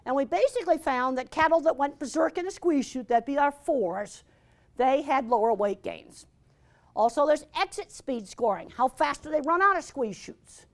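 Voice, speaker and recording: A woman's voice: high voice, lively intonation, moderate pace. An older woman giving a blunt, emphatic lecture with slides, repeating her key points. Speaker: animal science lecturer.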